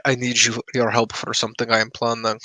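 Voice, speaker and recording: A man's voice: mid-range voice, monotone, a little fast, pushed and bright, no room sound, pitched below the performer's own voice, natural voice. A man playing a blunt, odd warrior. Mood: earnest. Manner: drops articles, earnest, blunt. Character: odd male warrior, broken blunt speech.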